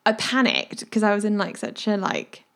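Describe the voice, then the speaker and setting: A woman's voice: mid-range voice, huge pitch swings, moderate pace, vocal fry, fairly bright tone. A woman junior doctor in casual podcast chat, telling stories and acting out what people said. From United Kingdom. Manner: chatty storyteller, acts out quoted lines.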